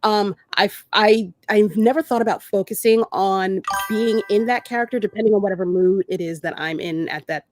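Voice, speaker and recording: A woman's voice: mid-range voice, normal speed, few pauses, darkish tone, soft background music. A woman co-hosting a casual chat about voice acting, asking questions hesitantly with many ums. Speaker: co-host and voice actress.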